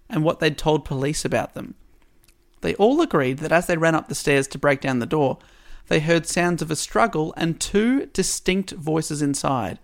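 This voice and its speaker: A man's voice: a little high, creaky. A man co-hosting a casual chat, retelling a detective story with playful asides and frequent laughs. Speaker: podcast co-host.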